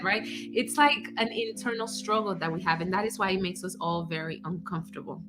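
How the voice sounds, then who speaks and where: A woman career coach giving casual advice, animated, acting out example phrases and laughing often. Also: mid-range voice, fairly quick, hardly any pauses, faint music behind. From United States.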